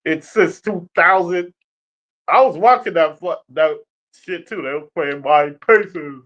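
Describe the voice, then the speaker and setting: A man's voice: on the high side, a little slow, fairly bright tone. A young man ranting about basketball in a casual stream, profane and trash-talking. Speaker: sports streamer. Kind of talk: casual sports rant. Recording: dull lo-fi stream audio.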